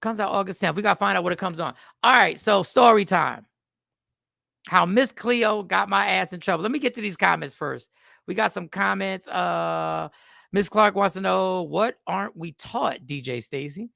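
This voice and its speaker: A man's voice: sits high, normal speed, creaky, sharp tone, no echo, clean studio sound. A man in his fifties, a comedian and host, telling a rambling, self-mocking story in a casual style.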